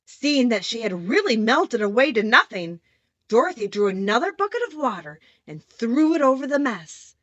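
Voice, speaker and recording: A woman reading a children's classic aloud as an audiobook narrator, steady and clear. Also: fairly high pitch, normal speed, no echo, dull audio. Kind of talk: scripted storybook narration.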